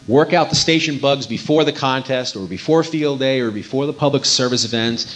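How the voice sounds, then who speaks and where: A man's voice: mid-range voice, brisk, a bit bright. A man giving an informal instructional talk, conversational and folksy, often repeating his words as he goes. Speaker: amateur radio contester giving a talk. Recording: dull lo-fi recording.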